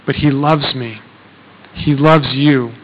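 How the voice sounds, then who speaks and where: A man's voice: mid-range voice, fairly even intonation, takes it slowly, big-room sound, highs cut off. A man preaching a sermon in a conversational way, often checking in with "okay?" and using fillers. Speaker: pastor.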